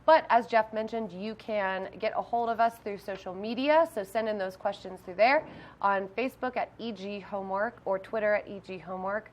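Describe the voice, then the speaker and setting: A woman's voice: medium pitch, normal speed. A woman who teaches math, hosting a live call-in homework help show in a friendly way with frequent ums.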